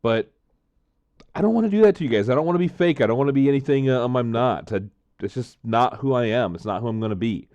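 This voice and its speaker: A man chatting casually to camera while tasting drinks, rambling, repeating himself and filling pauses with frequent "uh, um" sounds. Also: mid-range voice, animated, darkish tone, dry recording.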